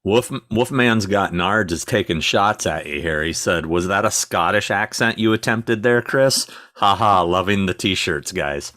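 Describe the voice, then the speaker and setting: A man's voice: sits low, a little slow, few pauses, pushed and bright. A middle-aged man co-hosting a casual live chat, reading out viewer questions with short, dry asides. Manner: reads out viewer comments, brief dry asides.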